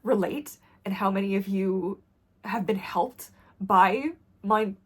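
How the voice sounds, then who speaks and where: A woman vlogger talking candidly to camera in a blunt, intense way that drops to quiet when the subject gets heavy. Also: medium pitch, slow pace, husky.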